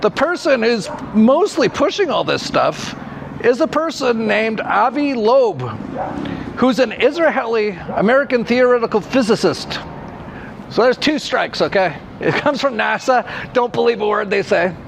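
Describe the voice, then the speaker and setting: A man's voice: very high-pitched, lively intonation, a little slow, creaky, background noise. A man in a casual vlog rant, scoffing and laughing dismissively.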